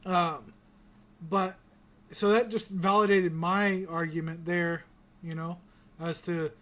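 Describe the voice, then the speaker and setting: A man with a notably high voice, hosting a loose review podcast. He rambles, restarts his sentences and swears casually as he goes. He grew up in the American South. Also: fairly even intonation, takes it slowly, fairly bright tone. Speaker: podcast host. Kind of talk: casual pop-culture review chat.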